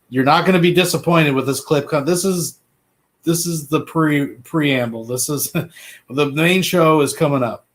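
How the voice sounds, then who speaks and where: A man from Canada hosting a live stream, commenting bluntly and talking straight to his viewers. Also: medium pitch.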